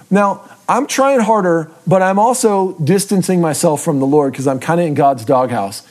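With a high-pitched, darkish voice and a moderate pace, this man leads a casual Bible lesson. He's self-deprecating, talks conversationally, and keeps checking in with his listeners via frequent tag questions.

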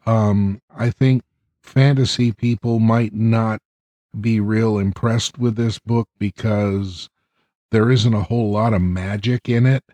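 A man co-hosting a casual podcast book discussion, giving measured, plain-spoken opinions. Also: on the low side, steady tone, dark tone, no room sound. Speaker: podcast co-host.

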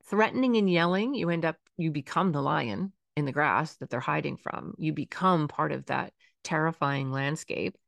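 A woman with a notably low voice talks through ideas in a calm, instructive podcast manner. She often slips into softer, gentle phrases as she demonstrates what to say. The sound is dry and close, with no room echo. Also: normal speed, vocal fry, few pauses. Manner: calm, instructive, acts out soft soothing phrases. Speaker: podcast host. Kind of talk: explanatory podcast talk.

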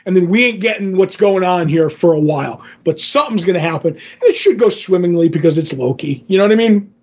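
A man's voice: high voice, animated, brisk, darkish tone, husky, highs cut off. A man co-hosting a casual podcast, animatedly retelling comic book scenes and quoting the characters. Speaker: podcast co-host.

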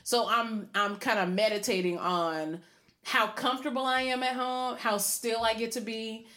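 A woman's voice: on the high side, fairly even intonation, normal speed, bright, forceful tone. A woman co-hosting a podcast, talking openly and reflectively about how she feels at home. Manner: open, reflective, rambling. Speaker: podcast co-host. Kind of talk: casual chat and reflective check-in.

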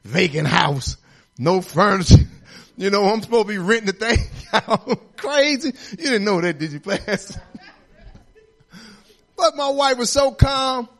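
In a church sanctuary, a middle-aged assistant pastor delivers a folksy, conversational sermon, sharing personal stories that build to shouts. His voice is very high with lively intonation, and he speaks a little slowly with long pauses.

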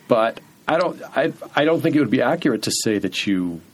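A man's voice: mid-range voice, animated, fairly quick. A middle-aged man hosting a podcast interview, chatty and wry, often restarting his sentences. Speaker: podcast host. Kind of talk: casual interview.

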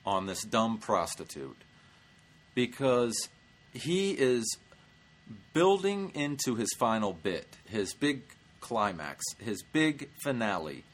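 Brash, lively man telling a comic story. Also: lowish voice. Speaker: stand-up comedian and show host.

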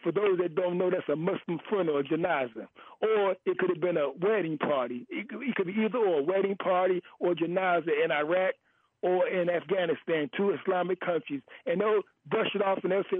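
A man calls in over a thin, tinny phone line, his voice pitched high and a little husky. He rants with heat, stumbling and repeating himself, and he keeps driving his point home like a preacher. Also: brisk, no echo. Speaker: caller. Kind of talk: call-in radio rant. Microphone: telephone.

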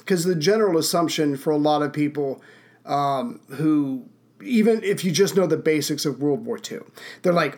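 A man's voice: on the high side, lively intonation, moderate pace. A man hosting a podcast, telling stories in a casual, self-deprecating way. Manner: self-deprecating, chatty storyteller. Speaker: podcast host.

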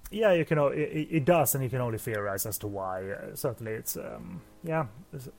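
A man's voice: medium pitch, animated, brisk, creaky, a little mellow. Joking podcast host man, rambling outro. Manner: rambling, jokey, reads plugs with fillers. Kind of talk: casual chat and show outro.

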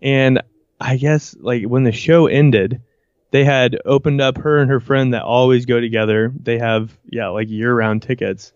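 A man's voice: medium pitch, fairly even intonation, unhurried, no echo. A man in casual chat, retelling anecdotes with laughter in his voice. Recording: slightly dull lo-fi audio.

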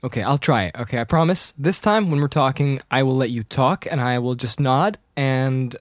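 A man co-hosting a podcast in casual chat, playful and quick to laugh. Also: medium pitch, no echo, studio quality. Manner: playful, laughs often, jokey asides. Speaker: podcast co-host.

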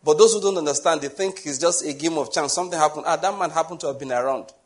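A middle-aged man preaching a sermon, animated, asking rhetorical questions and acting out little scenes. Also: on the high side, quick pace.

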